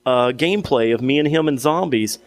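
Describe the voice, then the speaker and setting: A man's voice: mid-range voice, brisk, no echo. A young man co-hosting a podcast, telling a long story in casual chat with many restarts and fillers. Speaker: podcast co-host.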